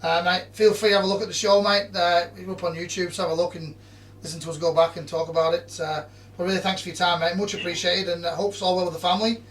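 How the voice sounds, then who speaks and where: Chatty host saying mate constantly. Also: male voice, high-pitched, little pitch movement, quick pace, fairly bright tone, distant mic. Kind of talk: casual interview chat.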